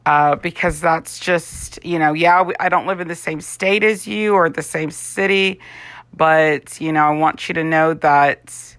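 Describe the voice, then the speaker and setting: Here a deep, steady female voice comes through a dry recording, a bit bright and a little slow. She's a fortyish Avon rep, worn out and yawning, rambling chattily with lots of fillers as she puts on makeup for a laid-back vlog.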